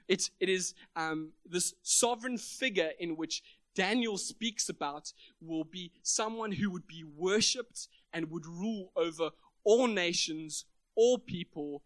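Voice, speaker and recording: A man's voice: a little high, takes it slowly, a bit bright, no echo. A man preaching a sermon at a church meeting, emphatic and building up to big points.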